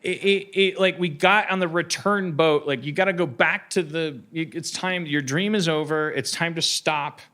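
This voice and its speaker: A man's voice: fairly high pitch, moderate pace, few pauses, sharp tone. A man hosting a live comedy podcast, telling a rambling, stammering story and acting out voices. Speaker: podcast host. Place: live stage before an audience.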